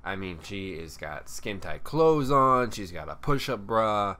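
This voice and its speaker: A young man from Texas with a low, deep voice tells a story to the camera in a loose, casual vlog. He talks animatedly and slips into quick impressions of the people in it. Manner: animated, acts out coworkers and guests in quick put-on voices. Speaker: YouTuber telling a work story.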